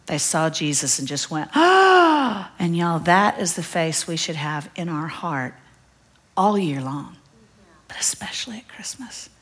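A woman teaching a church Bible study, telling a story in an earnest, emphatic way and often dropping to a soft, breathy near-whisper. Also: deep voice, a little slow. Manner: earnest and emphatic, addresses listeners as y'all. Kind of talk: storytelling sermon. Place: church gathering.

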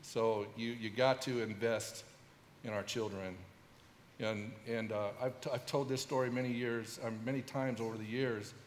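A middle-aged man at a church service, talking haltingly with frequent fillers and restarts. His voice is mid-pitched and rings through a large hall with a long, roomy reverb. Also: fairly even intonation, a little hiss or hum. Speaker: church member giving testimony.

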